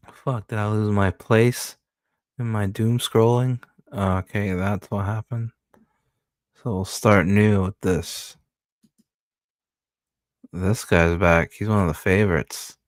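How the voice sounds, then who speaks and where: A man's voice: lowish voice, fairly even intonation, slow pace, pauses often, no room sound, studio quality. A man streaming and reacting to clips, with crude, mocking remarks. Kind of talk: casual commentary.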